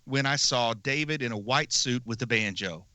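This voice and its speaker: A man talking casually on a podcast, animated and laughing often. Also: mid-range voice, normal speed, dry recording. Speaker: podcast host. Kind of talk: casual chat.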